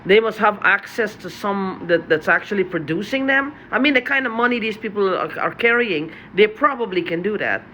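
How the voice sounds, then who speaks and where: A man's voice: high voice, expressive, normal speed, few pauses, bright, forceful tone, slight background noise. A tired man in an unscripted vlog monologue, talking in an agitated, profane way and often repeating and restarting his phrases. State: tired from lack of sleep. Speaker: vlogger.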